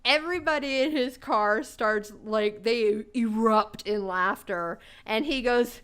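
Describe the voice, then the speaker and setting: A young woman tells work stories on a podcast in an easy, casual way. Her voice sits a little high, and she talks slowly and unhurriedly. She swears freely and laughs loudly between lines. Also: lively intonation, smooth. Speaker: podcast co-host. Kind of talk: casual storytelling chat.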